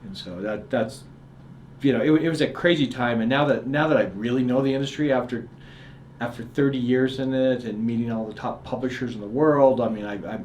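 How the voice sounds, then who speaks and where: A middle-aged man, a guest author, telling a story in conversation and acting out the people in it. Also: mid-range voice. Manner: animated storyteller acting out dialogue. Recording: echoey room, faint ambient noise.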